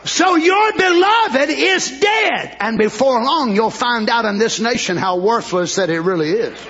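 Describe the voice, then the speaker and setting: A man preaching a sermon with fervor, climbing into shouted, rhythmic declarations and acting out voices of people in the story. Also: expressive, unhurried, highs cut off. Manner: high, bright preaching voice, rising to shouted fervor.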